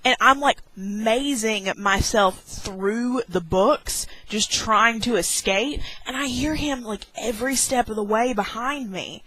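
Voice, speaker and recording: A young woman vlogger telling a dramatic story with many "like"s and squeaky acted-out exclamations. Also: slow, hardly any pauses, bright, forceful tone, no room sound, poor audio. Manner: heavy use of "like". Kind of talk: animated storytelling vlog.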